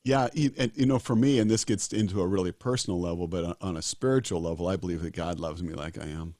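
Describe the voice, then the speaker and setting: Speaking quickly in a deep, mellow voice, a disaster doctor in his sixties gives an earnest, emphatic interview as a guest, repeating his key phrases. It's a studio-quality recording with no room sound.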